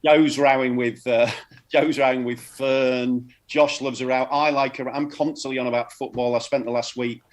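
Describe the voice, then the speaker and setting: A man's voice: medium pitch, little pitch movement, normal speed. A man chatting casually as a comedian guest, rambling and repeating words, often laughing. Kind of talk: casual chat.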